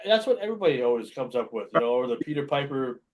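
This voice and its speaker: A man hosting a casual local radio show, chuckling often and reading tongue twisters out slowly. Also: medium pitch, sing-song.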